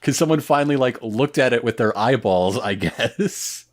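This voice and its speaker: A man's voice: medium pitch, lively intonation, normal speed. Rambling, joking male podcast co-host. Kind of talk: casual recap chat.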